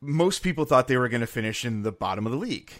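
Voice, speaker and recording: A man on a sports podcast working through an idea step by step, in a casual and thoughtful way. His voice sits at a medium pitch, and he asks his co-host for his view. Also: expressive, fast talker.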